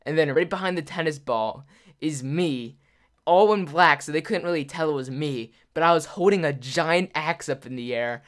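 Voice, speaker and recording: A young man YouTuber telling a story to camera in a casual, rambling way, full of "like" and quick laughs. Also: a little high.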